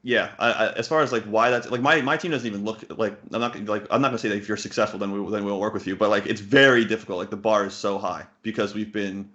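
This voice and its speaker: Blunt, low-voiced man, swearing casually. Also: steady tone, fast, few pauses, a bit bright. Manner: blunt, swears casually, many fillers and restarts. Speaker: poker coach. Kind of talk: candid interview answers. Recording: muffled lo-fi audio.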